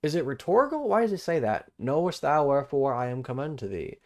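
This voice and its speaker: A man's voice: on the high side, very animated, fairly quick. Man reading and musing over scripture. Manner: thinks aloud, rereads verses and repeats phrases while puzzling over them; casual, plain-spoken asides between formal scripture reading. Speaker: Bible study streamer. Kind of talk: live-streamed Bible study, reading aloud and commenting.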